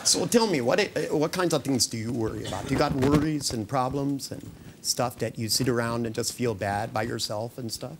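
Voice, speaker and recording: Older guy hypnotist doing a live demo, gravelly voice, jokey and teasing, then soft and slow. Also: medium pitch, noisy background. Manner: joking and teasing between slow soft trance suggestions. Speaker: hypnotist leading a training seminar. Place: seminar room with participants.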